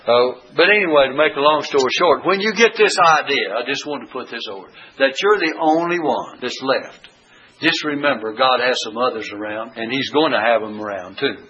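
A man delivers a folksy sermon, retelling scripture stories with plenty of pauses and fillers. His voice is husky with a bright, forceful edge. The recording sounds dull and lo-fi. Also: mid-range voice. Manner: folksy storytelling with frequent uh fillers. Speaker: preacher.

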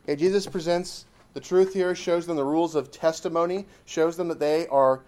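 A man's voice: a little high, fairly even intonation, fairly quick. Emphatic man preaching a sermon. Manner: emphatic, repeating lines for emphasis, rising to loud exclamations.

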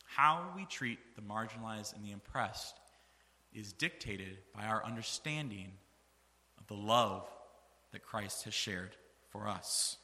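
Bright-voiced man preaching in echoey hall. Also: on the low side, takes it slowly. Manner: earnest preaching, reads scripture aloud with rising emphasis. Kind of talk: sermon.

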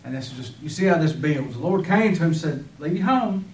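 A man's voice: fairly high pitch, animated, a little fast, darkish tone, a little hiss or hum. A man preaching a sermon with fervor, firing rhetorical questions and breaking into sudden emphatic bursts. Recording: echoey room, voice from far off.

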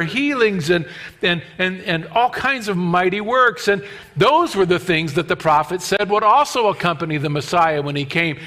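A man preaching a sermon in an animated way, acting out the voices of the people in the passage. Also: high-pitched. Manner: animated, acts out scripture voices. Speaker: pastor.

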